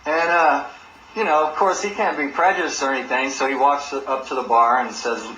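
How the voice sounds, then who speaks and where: A man spins a personal story in a casual, animated way. His voice is bright and forceful. The room is echoey, with faint noise behind him. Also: mid-range voice, moderate pace. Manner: animated, acts out other people's words in a raised voice. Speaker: channel host telling a personal story. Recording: roomy echo with faint background noise.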